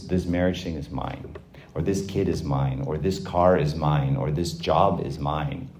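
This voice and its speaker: A man in his forties with a low, mellow voice gives a casual faith talk to young people. He speaks conversationally, breaks into little acted-out voices for the people he quotes, and often restarts his sentences with fillers. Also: slight background noise.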